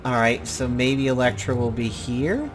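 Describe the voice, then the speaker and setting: A man's voice: mid-range voice, measured pace, soft background music. A man hosting casual gameplay commentary, rambling and blunt, with the odd swear. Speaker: gaming channel host.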